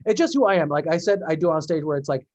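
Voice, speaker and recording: A man's voice: a little high, lively intonation, fast talker, a little mellow, no room sound, highs cut off. A male podcast host on a video call, rambling, restarting his sentences and laughing along with his guest. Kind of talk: casual interview over a video call.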